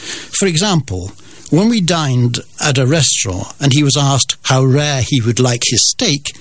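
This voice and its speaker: A man's voice: mid-range voice, expressive, a little slow, fairly bright tone, dry recording. An older man from the Scottish Borders, a guest telling family stories with dry, wry humour. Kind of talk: storytelling in an interview.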